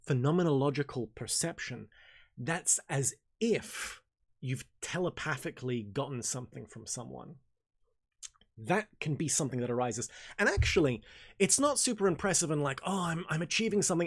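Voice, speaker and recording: Male host, loose off-the-cuff delivery, frequent restarts and mild swearing, pitched a little high. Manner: rambling, self-correcting, casual with swearing. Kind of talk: casual Q&A livestream talk.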